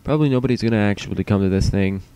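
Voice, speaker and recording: A man's voice: fairly low pitch, rapid-fire, dark tone, clean tone. A man streaming alone, rambling in a profane, self-mocking way while he waits for his stream to start. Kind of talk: casual solo livestream chatter.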